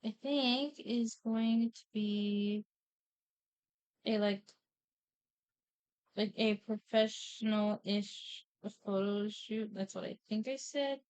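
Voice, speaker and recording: A woman's voice: medium pitch, slow pace, long pauses, a little mellow, clean tone. A woman streamer casually retelling a story, rambling with lots of repeated "and then"s, swearing and laughing often.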